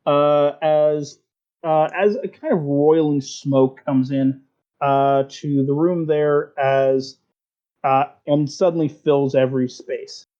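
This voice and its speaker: Easygoing game master, mellow lo-fi voice. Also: male voice, on the high side, fairly even intonation, takes it slowly. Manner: easygoing, many fillers. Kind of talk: narrating a tabletop game. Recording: dull lo-fi sound.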